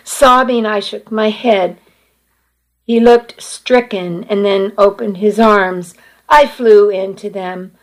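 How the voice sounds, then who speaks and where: A woman reading a first-person story aloud at an unhurried pace, with small restarts. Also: mid-range voice, steady tone, low-quality recording. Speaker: narrator reading a novel aloud. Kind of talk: first-person audiobook narration.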